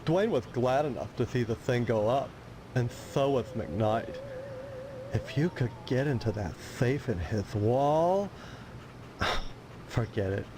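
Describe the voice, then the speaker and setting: A haughty fire chief who fancies himself an artist in a video game, lecturing with a lofty, theatrical air. His voice swoops widely up and down as he holds forth. The game audio carries a steady hiss of noise. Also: medium pitch, takes it slowly. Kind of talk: full-motion video game acting.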